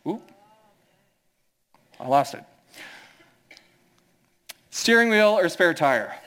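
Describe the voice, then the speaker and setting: High-voiced Midwestern pastor preaching. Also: male voice, fairly bright tone. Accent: American Midwest. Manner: conversational preaching, acts out quoted voices. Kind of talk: sermon.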